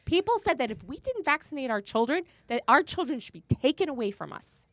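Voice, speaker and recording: Woman co-host, animated storyteller, dry close sound. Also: high-pitched, brisk, no room sound. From Florida. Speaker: podcast co-host. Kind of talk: casual chat, storytelling.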